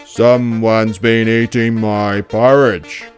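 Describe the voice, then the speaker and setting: A narrator voicing Daddy Bear, a big gruff father bear who speaks in a loud growl, in a storybook read-aloud. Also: medium pitch, little pitch movement, takes it slowly, soft background music, lightly acted. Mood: angry.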